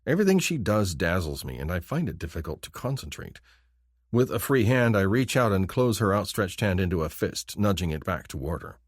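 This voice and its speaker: A man reads a romance novel in the first person in a deep voice with lively, wide-ranging pitch. The reading is expressive and intimate, and the mic is dry and close. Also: fairly quick, no room sound. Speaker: audiobook narrator.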